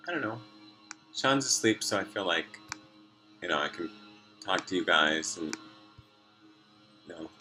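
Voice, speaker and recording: Low-voiced man, rambling diary talk at home, crisp bright tone. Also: animated, a little slow, pauses often, soft background music. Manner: meandering, sidetracked, many fillers, laughs often. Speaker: vlogger. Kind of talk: rambling personal video diary. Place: room at home at night.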